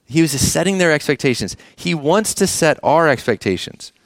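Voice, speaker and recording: A man's voice: fairly high pitch, animated, moderate pace, no room sound, studio quality. A man preaching a sermon as the church's pastor, talking conversationally and often asking the congregation questions.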